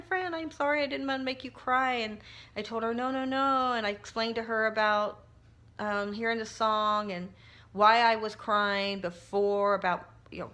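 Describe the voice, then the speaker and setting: Woman, middle-aged, crafting vlog, casual personal talk, heartfelt, emotional, halting restarts, medium pitch. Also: a bit bright. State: tearful at times. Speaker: crafting vlogger.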